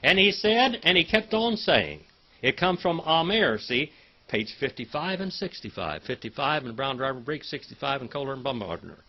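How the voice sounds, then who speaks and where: A man lectures a Hebrew class in a folksy, teasing way, calling on students by name. His voice is husky and swings widely in pitch. The recording is dull and lo-fi. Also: very animated, normal speed. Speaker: Bible and Hebrew teacher.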